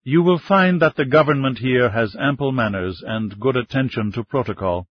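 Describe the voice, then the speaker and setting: A man voicing a dignified male minister in his fifties, speaking in a measured, formal way in an audiobook. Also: mid-range voice, close to an everyday voice. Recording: dull lo-fi dry recording.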